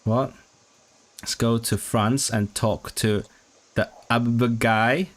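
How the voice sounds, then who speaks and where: A man's voice: medium pitch, steady tone. A man streaming a study session, thinking aloud as he works out what is being signed, often restarting words and asking himself questions. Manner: halting, restarting words while working out signed content; puzzled self-questioning asides. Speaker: language-learning streamer.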